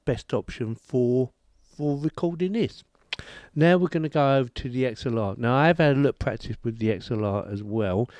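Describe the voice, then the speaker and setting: In a relaxed product review, a British tech reviewer wanders chattily around the subject of his desk microphone on its boom arm, often at his own expense. His mid-range voice is slightly mellow. The sound is clean and studio-like, with no echo.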